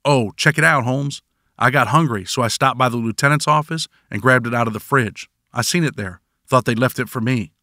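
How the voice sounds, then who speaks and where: A man's voice: medium pitch, a little fast, pushed and bright, dry recording, clean studio sound, close to an everyday voice. A man voicing a cheeky, fearless male inmate thief who talks in loose street slang.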